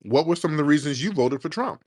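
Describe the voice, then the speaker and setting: A man's voice: a little high, animated, quick pace, darkish tone, dry recording. A man hosting a call-in show, blunt and mocking toward his callers. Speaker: host.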